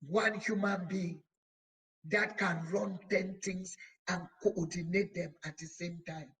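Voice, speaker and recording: A woman's voice: lowish voice, steady tone, fairly bright tone, husky, rough recording. A woman bishop preaching a sermon, building emphasis through repeated phrases. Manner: emphatic, repetitive exhortation; slow, deliberate delivery with stretched words.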